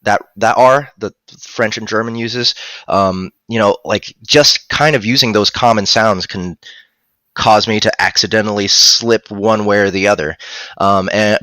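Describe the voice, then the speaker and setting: A man's voice: on the low side, bright, forceful tone, no echo. A man chatting casually on a livestream about narrating audiobooks, rambling with restarts and fillers.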